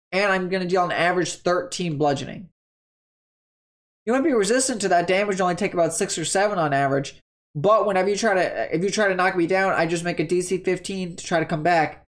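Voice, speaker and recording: Upbeat and talkative, this tabletop gaming host meanders through a rundown of monster statistics, now and then catching a mistake mid-sentence, fixing it, and moving on. The pitch is mid-range.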